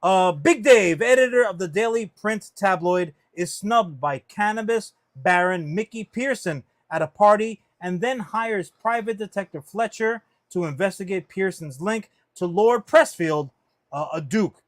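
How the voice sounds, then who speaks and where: A man co-hosting a casual pop-culture podcast, talking in an animated, profane and rambling way, full of fillers. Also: high voice, a little slow. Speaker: podcast co-host.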